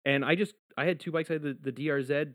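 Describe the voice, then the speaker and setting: A man's voice: fairly high pitch, quick pace, a bit bright, no room sound. A man guesting on a podcast as a musician, chatting in an easygoing way and often adding "you know". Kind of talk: casual chat.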